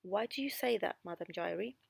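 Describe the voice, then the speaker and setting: Woman doing a tired, calm opera director. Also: medium pitch, fairly quick, creaky, breathy edge, dry recording, exaggerated voice. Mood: weary. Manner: weary, patient.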